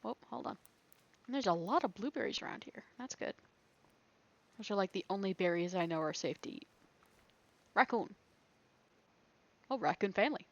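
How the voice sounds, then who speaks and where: A woman's voice: mid-range voice, animated, normal speed, pauses often, dull audio. A woman playing a survival game and thinking aloud, chatty and rambling, laughing often. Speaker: gaming video creator. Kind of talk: thinking aloud during gameplay.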